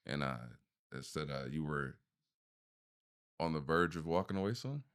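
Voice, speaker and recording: A man hosting a podcast, asking a guest questions in a loose, halting way with fillers. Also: rumbling low, animated, a bit bright, clean tone. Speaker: podcast host. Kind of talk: casual interview.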